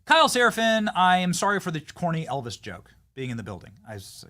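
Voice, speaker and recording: A man from Iowa hosting a political talk show, reading an ad and joking with a guest in an animated way. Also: mid-range voice, fairly quick, music in the background. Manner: animated, jokey, trailing restarts. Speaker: host. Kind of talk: podcast ad read and interview.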